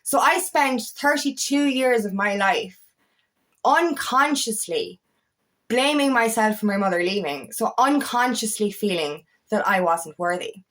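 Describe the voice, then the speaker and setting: A woman's voice: mid-range voice, a bit bright. A woman in her thirties or older, an empowerment coach, talking in a raw, earnest and emotional way, swearing freely and repeating words as she shares her own story. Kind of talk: personal vlog talk.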